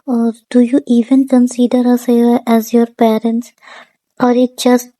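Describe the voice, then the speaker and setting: A woman's voice: a little high, little pitch movement, a little slow, dark tone, dry recording, natural voice. A woman voicing a hurt older father who speaks reproachfully in a storybook reading. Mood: bitter.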